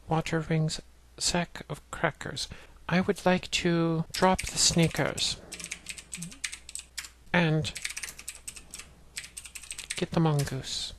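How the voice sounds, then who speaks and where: A woman's voice: sits low, slight background noise. A woman narrating a walkthrough of an old text adventure game, plainly reading commands and game text aloud and explaining each step. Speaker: let's play narrator. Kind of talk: let's play walkthrough narration.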